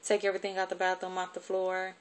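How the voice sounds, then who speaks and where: A woman quoting her kindly old grandfather in a soft, near-everyday voice. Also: on the low side, completely flat delivery, fast, close to an everyday voice. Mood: gentle. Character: gentle old grandfather, man.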